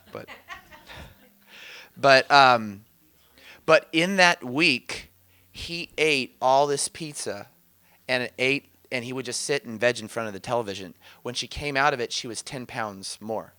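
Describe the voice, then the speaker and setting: A man teaching about inner healing in a casual, conversational way, telling animated stories and laughing often. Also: mid-range voice, a little slow, pauses often, smooth. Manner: animated storytelling, quotes others, laughs often.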